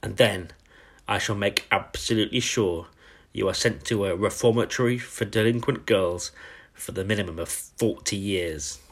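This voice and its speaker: A huge, bullying headmistress barks out threats and insults, as a man puts her on. The voice is low and husky, with a menacing, ranting edge. Storybook reading. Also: moderate pace, fairly bright tone. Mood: raging.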